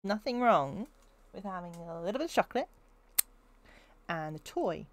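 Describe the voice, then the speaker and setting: A woman's voice: lowish voice, lively intonation, normal speed. A young woman streaming a video game, chatting and giggling with her viewers as she plays. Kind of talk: casual gameplay commentary.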